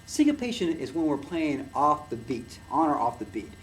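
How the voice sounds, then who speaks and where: A man's voice: fairly high pitch, sing-song, normal speed. A man teaching a music lesson in a loose, rambling way, with many fillers and restarts as he claps and plays to demonstrate. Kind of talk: casual recorded lecture. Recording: noisy room, mic far from the speaker.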